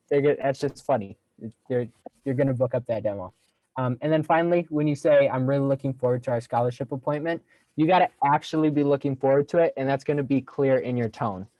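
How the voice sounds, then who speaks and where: A man's voice: medium pitch, warm tone, no echo, rough recording. A young man giving a casual sales training talk on a video call, upbeat and jokey, acting out phone lines as he explains them.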